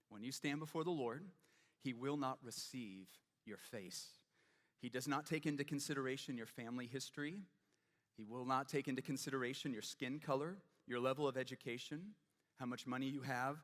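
A male pastor delivers a sermon in a relaxed, conversational way, weaving stories and questions to the congregation into his teaching. His voice sits at a middling pitch. A long hall reverb trails every phrase, as if the sermon was recorded in a large church sanctuary.

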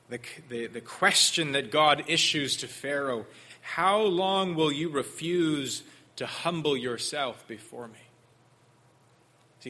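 A man preaching an expository sermon, earnest and measured. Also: medium pitch, bright, forceful tone. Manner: earnest expository preaching, mimics sarcastic voices in quotes.

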